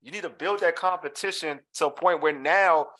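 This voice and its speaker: A man's voice: on the high side, normal speed, bright, forceful tone. Emphatic man hosting sports talk. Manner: emphatic, repeats phrases for effect. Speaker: podcast host.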